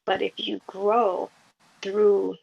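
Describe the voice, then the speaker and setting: A woman's voice: mid-range voice, level tone, drawn-out words, vocal fry, husky. A woman in a group discussion, speaking in a reflective, motivational way. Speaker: panel participant. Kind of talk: casual discussion on an audio chat room. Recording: dull, lo-fi audio.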